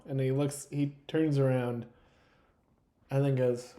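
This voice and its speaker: Game master guy, slow and mellow, kinda echoey room, laughs a lot. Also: mid-range voice, fairly even intonation, a little hiss or hum. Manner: laughing, rambling asides. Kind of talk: narrating a tabletop game.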